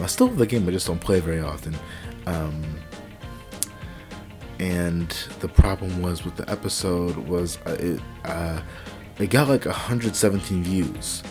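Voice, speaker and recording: A young man quietly commenting on a truck driving game at home at night, rambling with lots of fillers and restarts on a cheap desk microphone. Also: low voice. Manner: hushed, quiet talking to avoid waking family. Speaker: let's play gamer. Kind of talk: casual gameplay commentary.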